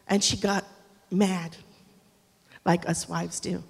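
A middle-aged woman pastor preaching a humorous, animated sermon, acting out quotes and swinging between loud and quiet. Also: lowish voice, takes it slowly, vocal fry, slightly rough. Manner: animated, humorous, acts out quotes with big shifts in loudness. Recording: long reverb of a large hall.

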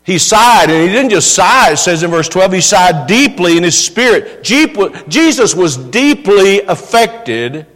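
High-voiced pastor preaching in a hall. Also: male voice, sing-song, unhurried, hardly any pauses, a bit bright. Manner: earnest preaching with rising emphatic questions. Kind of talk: sermon. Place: church sanctuary.

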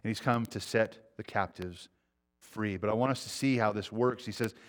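A middle-aged man preaching a sermon, earnest, swinging between loud urgency and quiet intensity. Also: fairly low pitch, normal speed. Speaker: pastor.

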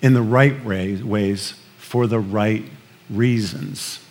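A preacher voicing Jesus asking a gentle, searching question in a slow, soft voice. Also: male voice, on the low side, steady tone, pitched below the performer's own voice. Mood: probing. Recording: long reverb of a large hall.

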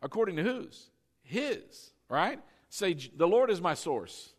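A man preaching a sermon as pastor, animated and coaxing his congregation to repeat lines after him. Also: high-pitched, slow pace.

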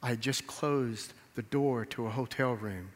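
A man's voice: mid-range voice, unhurried. A male pastor preaching a sermon, telling a story and acting out the dialogue, with emphatic rises in volume. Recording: reverberant hall.

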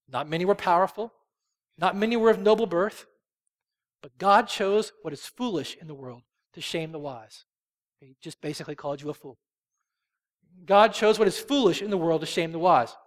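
High-voiced man preaching in a reverberant hall. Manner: emphatic, swells loud on key phrases then drops soft. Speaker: pastor. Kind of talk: sermon. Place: church sanctuary.

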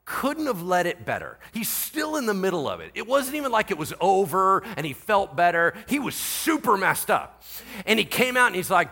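A middle-aged man, a pastor, preaching a sermon with animated storytelling, going from quiet asides to loud exclaiming. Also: sits high, moderate pace, husky. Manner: animated storytelling, voices others in quotes, swings from quiet to shouting.

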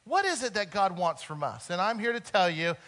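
A man preaching a sermon earnestly, swinging between loud emphasis and soft, quiet moments. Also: high-pitched, big pitch swings, fairly quick. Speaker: pastor.

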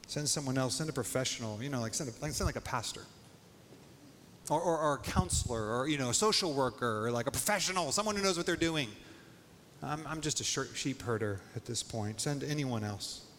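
A man's voice: medium pitch, animated, fairly bright tone, lightly acted. A preacher speaking as a reluctant, flustered Moses who begs off a task, stammering and filling his speech with "like". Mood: pleading. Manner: halting, stammering, full of "like". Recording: long hall reverb, faint noise.

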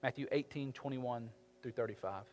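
A man preaching a sermon as pastor, with emphatic delivery that swings from quiet to loud. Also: mid-range voice, normal speed. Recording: reverberant hall with faint music.

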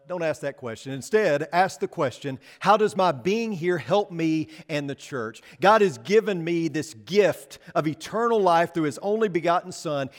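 Male preacher with a slightly raised pitch, delivering a chatty, questioning sermon in a reverberant church hall. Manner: conversational, asks the congregation questions. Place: church sanctuary.

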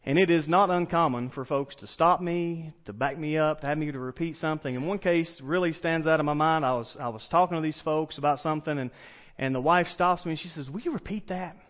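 A man's voice: a little high, brisk. A pastor with an East Tennessee Southern accent, preaching a casual, story-driven sermon and putting questions to his congregation. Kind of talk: conversational sermon. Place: church sanctuary. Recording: dull lo-fi church recording.

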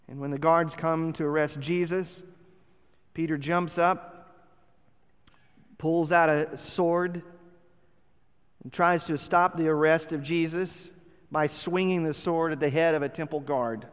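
A man's voice: fairly high pitch, fairly even intonation, slow, pauses often, clear, resonant tone. A man preaching a sermon, telling the story earnestly and rising to emphatic points. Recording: long hall reverb.

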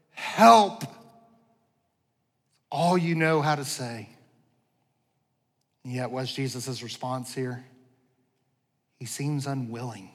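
A man preaching a sermon as pastor, animated, moving between loud pleading and quiet asides, with self-deprecating humor. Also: medium pitch. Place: church sanctuary. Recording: long church reverb.

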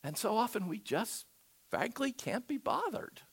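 A man preaching a sermon, telling stories with animated, shouted emphasis. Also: sits high, unhurried, husky. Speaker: pastor.

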